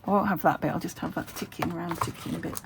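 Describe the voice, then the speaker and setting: A woman's voice: fairly low pitch, steady tone, fast, vocal fry. A British woman chatting casually as she crafts at her home desk, thinking aloud and laughing at herself while she works. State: recovering from a fever. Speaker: craft vlogger. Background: traffic through an open window.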